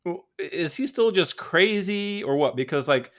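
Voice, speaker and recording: A man's voice: high voice, animated, unhurried. A man co-hosting a podcast in casual chat, rambling with many fillers and frequent laughter. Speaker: podcast co-host.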